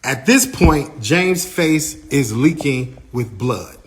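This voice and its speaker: A man recounts a dramatic backstage event in a loose, conversational way. He is animated, slips into other people's lines as he tells it, and his speech is full of "like" fillers. His voice sits at an ordinary middle pitch for a man. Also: slow pace, a little hiss or hum. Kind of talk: casual first-person storytelling.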